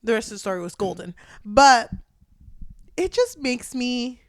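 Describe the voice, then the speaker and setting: A woman's voice: a little high, sing-song, a little slow. Young woman in casual book chat. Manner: retells scenes with acted quotes, laughs often. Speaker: podcast co-host.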